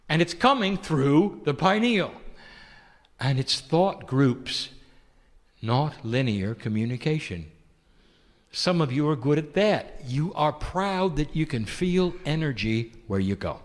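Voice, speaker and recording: A man delivering a channeled spiritual message, his fairly high voice rising and falling in wide, lively swings. He leans on soft rhetorical questions and addresses each listener as "dear one." The sound carries a long, echoing hall reverb.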